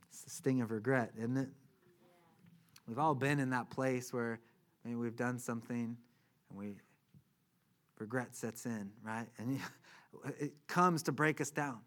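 A man's voice: medium pitch, unhurried, pauses often. A man preaching a sermon as pastor, telling a Bible story with humor and checking in often with "right?". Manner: animated, humorous storytelling with many "right?" tags.

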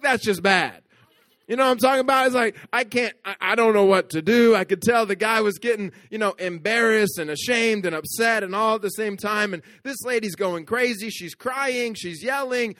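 A male pastor preaching a storytelling sermon. His voice sits high and bright, with a clear, forward edge. The sound is dry and close, with no room echo. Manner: storytelling with rising, playful asides to the congregation; drops to a soft, hushed voice for tender moments.

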